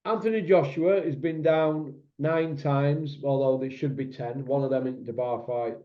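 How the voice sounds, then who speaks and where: Relaxed chat-show host. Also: male voice, medium pitch, lo-fi sound. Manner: relaxed and chatty, drawn-out questions with fillers.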